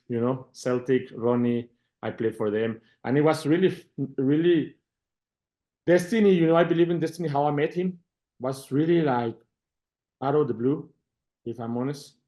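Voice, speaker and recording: A middle-aged man with a Mexican Spanish accent, a football manager answering interview questions in halting English, repeating words and getting animated when he retells conversations. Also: medium pitch.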